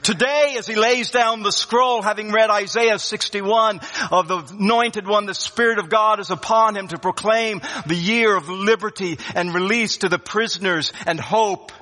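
Male pastor, high bright voice, emphatic preaching with repeated words, long hall reverb. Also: normal speed, hardly any pauses. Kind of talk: sermon.

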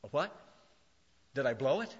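A male pastor preaching a sermon with passion, swinging from shouting to hushed tones. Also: medium pitch, very animated, moderate pace, breathy edge, big-room sound, dull audio.

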